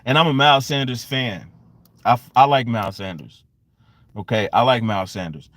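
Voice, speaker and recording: A man hosting a live-streamed sports fan rant, exasperated and repetitive, swinging between loud outbursts and low muttering. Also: moderate pace, dry recording. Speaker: sports fan channel host.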